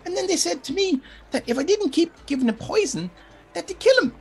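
Shrill desperate poison seller. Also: lively intonation, fairly quick, soft background music. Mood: panicked pleading. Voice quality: high pleading voice, low whispered threats. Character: frantic woman poison seller, later menacing.

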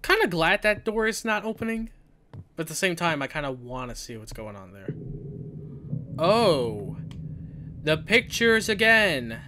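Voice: medium pitch, very animated, unhurried, pauses often, bright, forceful tone, slight background noise. A young adult gaming video creator giving nervous, jittery let's-play commentary on a horror game, often stammering and repeating words.

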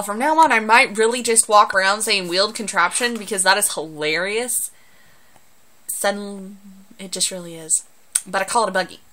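A young woman with a Southern US accent, chatting and joking through an accent-challenge vlog into a phone. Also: mid-range voice. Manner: chatty, joking, animated outbursts. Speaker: vlogger.

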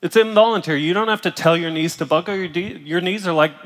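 A middle-aged male pastor preaching a sermon while in pain, speaking emphatically and pausing to cough and clear his throat. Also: high-pitched. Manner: emphatic, rising to loud bursts, coughing and clearing throat between phrases. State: in pain, voice strained. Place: large church auditorium. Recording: large hall reverb.

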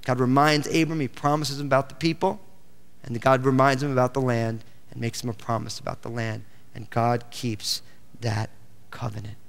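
A man's voice: medium pitch, level tone, normal speed, creaky. A male pastor preaching a sermon, reading scripture aloud and breaking in with exclamations. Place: church sanctuary. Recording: church hall with long reverb.

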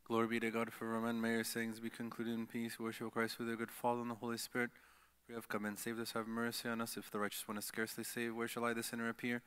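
A man leading a church liturgy, reading the prayers in a steady recited cadence. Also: medium pitch, fast, smooth. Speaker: liturgy leader.

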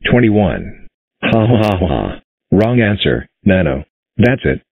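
A man's voice: low-pitched, big pitch swings, slow pace, creaky, slightly rough, no echo, heavily acted. A male computer voice playing a stern, mocking math teacher in a cartoon, with a tinny phone-like sound. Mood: scolding. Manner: mocking, scolding.

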